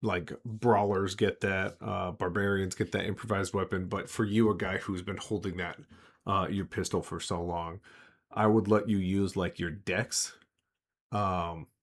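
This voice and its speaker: Low-voiced man running a tabletop game. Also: little pitch movement, a little slow. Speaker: game master.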